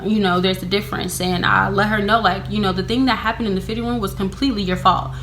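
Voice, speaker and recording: A woman's voice: medium pitch, fast, slight background noise. A young woman telling a storytime vlog in a casual, blunt, profane way, full of "like" fillers and sarcastic asides. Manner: sarcastic, animated when quoting herself. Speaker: vlogger.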